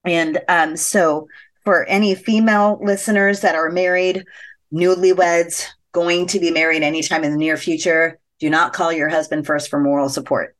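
A woman telling a personal story as a podcast guest, animated and chatty, laughing often and using many fillers. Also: on the low side, normal speed. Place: podcast interview.

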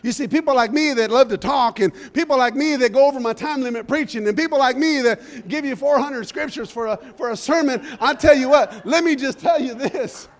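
A man preaching a sermon in an animated storytelling style, rising to shouts and calling out "amen?" and "hallelujah" between points. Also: extremely high pitch, brisk, few pauses.

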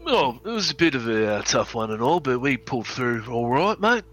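A man voicing a cheerful frog-like grung who chats like an old pal. His voice is bright and forceful, with soft music behind. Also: mid-range voice, very animated, brisk, low-quality recording. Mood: chummy. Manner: chummy, says "mate".

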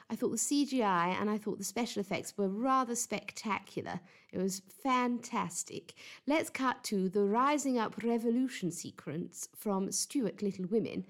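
Prim gushing woman mock interviewer. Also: a little high.

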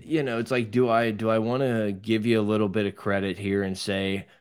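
A low-voiced man gives his opinions on a podcast, chatty and full of fillers. The recording is dry and close-miked. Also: little pitch movement, fairly quick, smooth, no room sound. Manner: opinionated, conversational, with many fillers. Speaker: podcast co-host. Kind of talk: casual sports chat.

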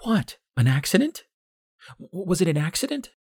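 A man voicing a gentle young woman with a soft, melodic manner. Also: sing-song, moderate pace, breathy edge, no echo, studio quality, exaggerated voice. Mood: gentle, curious. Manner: soft, melodic, raised pitch.

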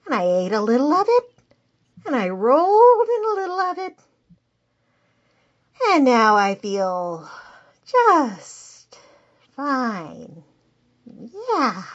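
A high, swooping voice belongs to a dramatic black house cat, played by a woman, who frets out loud and loses the thread of her own complaint. The recording sounds dull and muffled, like a left message. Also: exaggerated voice. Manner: rambling, worried, wanders off topic. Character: fretful black house cat caller, dramatic, easily distracted. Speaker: caller. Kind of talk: comedic call-in monologue.

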